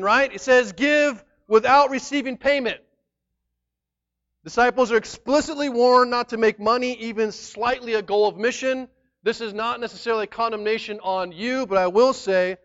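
A man preaching a sermon as pastor, emphatic and conversational, swinging between loud declarations and quiet asides. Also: very high-pitched, highs cut off.

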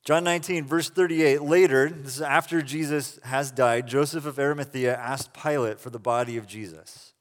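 A man preaching a sermon, retelling scripture in a casual, animated way with quick asides. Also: medium pitch, big-room sound. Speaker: pastor.

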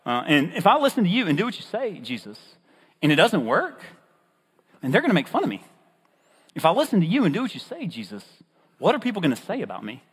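A preacher acting out a reluctant, excuse-making fisherman, his husky voice jumping high in comic disbelief. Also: huge pitch swings, fast, long pauses, heavily acted. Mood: incredulous, excuse-making. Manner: incredulous, pitch jumping high, comic pleading. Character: fisherman Simon, animated young man, reluctant and excuse-making. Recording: husky voice in a reverberant hall.

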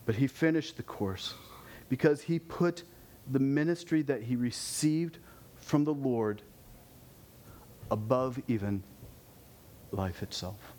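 A man preaching a sermon, animated, his voice climbing with intensity and dropping low to close points. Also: slow, pauses often, a little hiss or hum.

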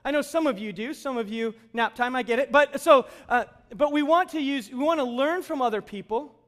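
Standing at the front of a church, a man with a notably high voice and a fairly bright tone delivers his sermon a little fast. He speaks conversationally and trades jokes with the congregation as he preaches.

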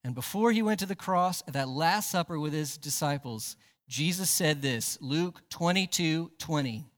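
A man's voice: a little high, animated, moderate pace, fairly bright tone, big-room sound. A man, a pastor, preaching a sermon in a church sanctuary, emphatic and asking the congregation rhetorical questions.

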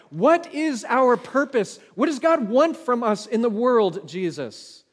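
Man, pastor, sermon, earnest, questioning, high voice, long reverb. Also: sing-song, slow pace, few pauses. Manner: earnest, asks the listeners questions. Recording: long reverb of a large hall.

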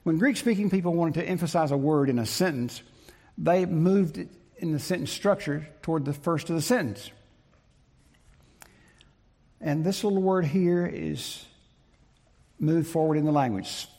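Male preacher, husky gravelly voice, hits his points hard and repeats them, big church-hall echo. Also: a little high, warm tone. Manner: emphatic, deliberate, repeats key phrases. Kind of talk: sermon. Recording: long reverb of a large hall.

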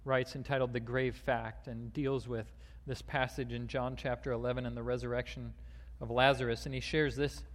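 A man delivers a sermon in a middle-pitched voice, stumbling over fillers and restarts as he works into a long reading. His voice rings with the long reverb of a large sanctuary. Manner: reads a long quoted passage aloud, with fillers and restarts. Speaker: pastor.

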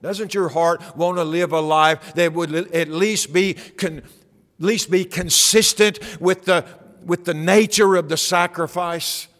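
A man with a fairly high-pitched voice preaching a sermon, talking to the congregation in a conversational way and asking them rhetorical questions. His voice carries a long reverb, as in a large hall. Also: fairly even intonation, unhurried, fairly bright tone. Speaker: pastor.

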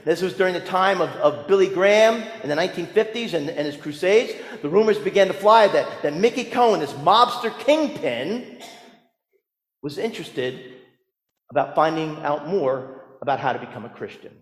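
A man, a pastor, preaching a sermon in a storytelling way, moving between hushed asides and emphatic lines. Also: a little high, lively intonation, normal speed, roomy sound, in a large hall.

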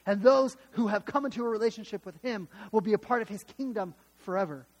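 A man's voice: sits high, brisk, in a large hall. A man preaching a sermon, emphatic and dramatic, retelling scripture with repeated restarts. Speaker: pastor.

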